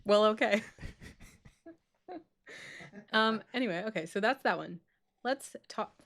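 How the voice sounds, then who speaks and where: A woman's voice: medium pitch, unhurried, gravelly, a bit bright. A woman co-hosting a live stream in casual chat, talkative, laughing often and mock-stern with her co-host.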